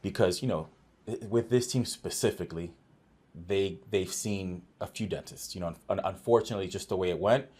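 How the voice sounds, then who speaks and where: This man's voice is low-pitched and husky, and he speaks briskly. As an office manager appearing as a podcast guest, he shares workplace stories casually and earnestly, performing the quoted dialogue with many restarts along the way.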